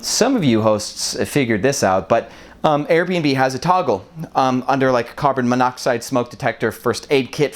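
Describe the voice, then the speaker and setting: Indoors in a box-filled apartment, a man in his thirties from Wisconsin, USA, who hosts short-term rentals, records a casual vlog. His mid-range voice rambles along chattily with frequent ums, and his accent is mostly neutral American with a slight Wisconsin tinge.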